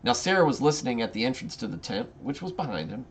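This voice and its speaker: A man's voice: medium pitch, big pitch swings, fast talker, a little hiss or hum. A man hosting a casual Bible study, reading scripture aloud and then commenting informally, often restarting his sentences.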